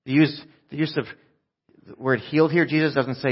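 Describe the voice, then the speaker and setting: A man preaching a sermon in a conversational way, swinging from loud shouts down to hushed, quiet speech. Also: medium pitch, steady tone, brisk, breathy edge, dull audio. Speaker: pastor.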